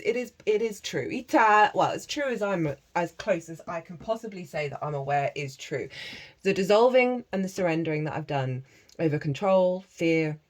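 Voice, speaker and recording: A woman reading tarot cards in a casual spiritual talk, chatty, laughing often and breaking into chanted phrases. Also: lowish voice. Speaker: tarot reader.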